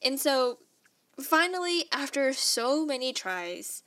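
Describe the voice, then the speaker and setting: A young adult woman telling a personal story in a casual, animated way, with lots of "like" and quick laughs. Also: high-pitched. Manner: animated and emotional, heavy use of "like", frequent laughs.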